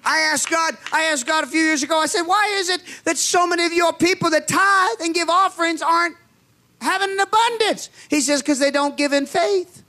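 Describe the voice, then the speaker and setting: A man preaching a charismatic sermon as pastor, fervent, with shouted declarations and drawn-out emphasis. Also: extremely high pitch. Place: church sanctuary.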